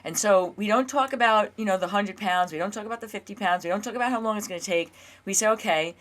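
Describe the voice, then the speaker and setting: A woman's voice: mid-range voice, fast talker, fairly bright tone. A woman in her fifties, a health coach hosting her own show, talking casually and earnestly, sometimes acting out her own inner dialogue. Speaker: health and weight loss coach, show host. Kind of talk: casual solo talk to camera.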